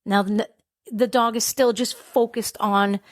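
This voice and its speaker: Animated woman telling a story. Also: a little high, unhurried, no echo. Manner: animated, acts out quoted voices. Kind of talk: casual storytelling. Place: New York City.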